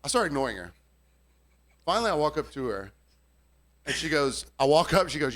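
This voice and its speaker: A bartender with a voice on the high side talks fairly quickly as he tells a story in a casual podcast chat. He's animated, swears freely and imitates his customers' voices.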